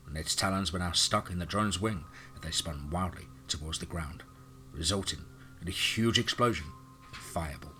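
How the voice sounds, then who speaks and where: A man's voice: sits low, normal speed, pushed and bright, soft background music. A man narrating a scripted action horror story in a dramatic reading.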